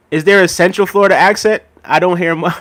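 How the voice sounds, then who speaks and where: A man's voice: sits high, a bit bright. A man streaming live in a casual chat, rambling, laughing often and talking straight to his viewers. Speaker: livestreamer. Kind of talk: casual livestream chat, reading out chat.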